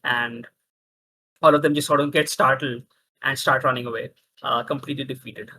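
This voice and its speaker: A man narrating as game master of a tabletop role-playing game, talking in halting bursts with many restarts. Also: mid-range voice, steady tone, vocal fry, sharp tone, a little hiss or hum, low-quality recording.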